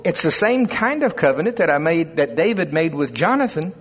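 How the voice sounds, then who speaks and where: Folksy older preacher in an echoing hall. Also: male voice, a little high, fairly quick. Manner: folksy, animated storytelling preacher. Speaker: pastor. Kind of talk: sermon. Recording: husky voice with long hall reverb.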